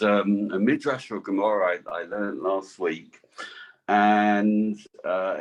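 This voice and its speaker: A man, a student in a class, adding a comment with a stammering start before speaking freely. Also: fairly low pitch. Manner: stammering start, then eager.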